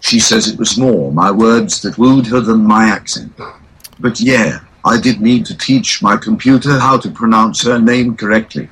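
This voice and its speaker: A man answers interview questions through a synthetic text-to-speech voice with a British accent. The tone stays flat and the same no matter what he says, pitched fairly low, with a faint hiss under the audio. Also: moderate pace, low-quality recording. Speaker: interview guest.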